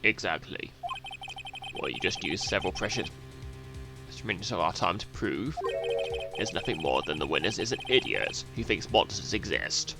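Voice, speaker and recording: A man voicing a cold, arrogant older male prosecutor from a video game in a very deep, growling put-on voice, clipped and condescending, with game music playing behind. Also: lively intonation, normal speed, long pauses. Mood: scornful.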